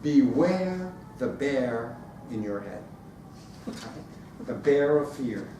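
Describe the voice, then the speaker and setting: A man's voice: medium pitch, slow pace, a little hiss or hum. A man giving a storytelling speech at a speaking club, acting out scenes with sounds as he goes. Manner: animated, acts out scenes with sounds. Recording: echoey room from far off.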